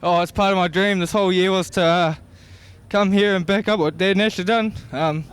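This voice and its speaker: A young man with a New Zealand accent, a racing driver talking in an emotional, halting way. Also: high-pitched, steady tone, smooth.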